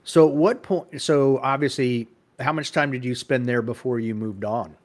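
A man's voice: medium pitch, normal speed. Easygoing male podcast host. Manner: laid-back, joking follow-up questions. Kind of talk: casual interview.

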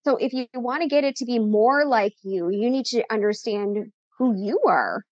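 A chatty, upbeat woman with a slightly higher voice talks through content tips as an interview guest. Her tone is a bit sassy. The sound is dry and slightly dull. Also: moderate pace, no room sound. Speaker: podcast guest, content coach. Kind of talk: casual interview chat.

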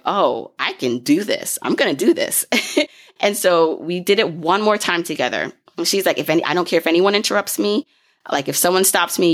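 Chatty low-voiced young woman. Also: fairly bright tone. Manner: chatty, fast-paced, fillers and self-corrections, laughs often. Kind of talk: casual storytelling.

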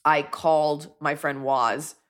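A woman's voice: deep voice, fairly even intonation, slow pace, a bit bright. A woman comedian hosting, reading ads and chatting casually with a self-deprecating manner. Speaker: comedian host. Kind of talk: podcast ad read and casual chat.

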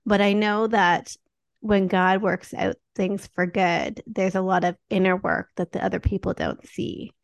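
Gravelly woman podcast host. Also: mid-range voice, flat delivery, measured pace, no echo. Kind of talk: faith podcast interview.

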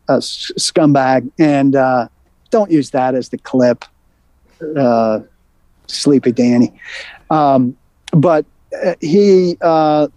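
A man's voice: a little high, no echo. Fired-up male sports reporter telling a story. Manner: animated storytelling, quick and worked up, with many restarts. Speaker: sports reporter and show regular. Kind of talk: casual sports radio talk.

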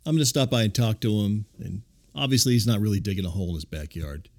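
A man hosting a comedy radio show, talking in a calm, deadpan, placating way. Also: on the low side, fast. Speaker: radio host.

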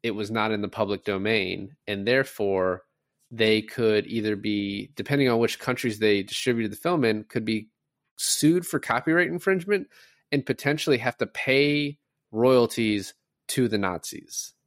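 A man's voice: fairly low pitch, moderate pace, no echo, clean studio sound. A man co-hosting a podcast who chats casually about a film, retelling scenes with lots of fillers. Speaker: podcast co-host. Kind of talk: casual movie discussion.

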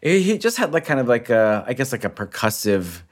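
A man's voice: mid-range voice, sing-song, a little fast. A man talks casually as a guest on a podcast, his mid-range voice swinging up and down a lot. He hesitates and lets his sentences trail off as he hunts for the right words. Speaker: comedian guest. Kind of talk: casual conversational interview.

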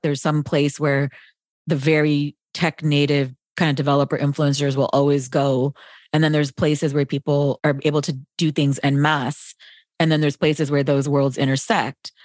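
A woman's voice: sits low, steady tone, normal speed, a little mellow, dry recording, studio quality. A woman hosting a podcast, curious and chatty, fond of telling fun facts. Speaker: podcast host. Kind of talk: casual conversational discussion.

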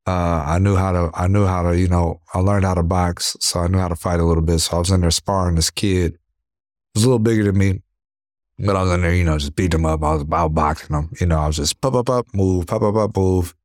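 Deep-voiced man telling boxing stories. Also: quick pace, no room sound, studio quality. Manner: animated storyteller, acts out punches with sound words; leans on "you know what I mean". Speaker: professional boxer, interview guest. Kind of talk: casual interview storytelling.

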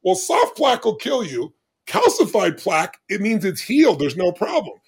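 Gravelly, husky-voiced man in his 60s. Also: huge pitch swings, moderate pace. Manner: emphatic, dramatic storyteller with big swings of pitch. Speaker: podcast guest. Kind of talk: animated storytelling in conversation.

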